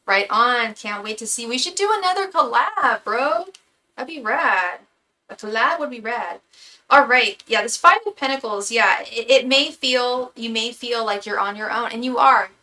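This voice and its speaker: Bright-voiced woman giving chatty tarot readings. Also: fairly high pitch, normal speed, poor audio. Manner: casual, chatty, stammers and repeats words. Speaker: tarot reader and psychic. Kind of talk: live tarot reading to a chat.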